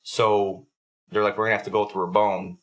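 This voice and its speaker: A man's voice: lowish voice, flat delivery, fairly quick, fairly bright tone. A young adult man hosting a podcast, telling a story in a casual, profanity-heavy way. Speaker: podcast host.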